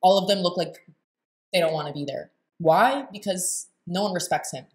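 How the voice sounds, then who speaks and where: A woman's voice: lowish voice, moderate pace. A young woman hosting a reaction video, talking in a blunt, sarcastic and profane way. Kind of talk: casual reaction commentary.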